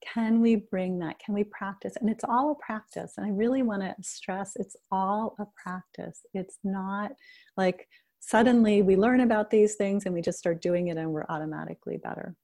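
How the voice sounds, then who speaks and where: A middle-aged woman leading a guided meditation and talk on self-compassion, speaking gently and unhurriedly. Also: mid-range voice, normal speed. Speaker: meditation teacher.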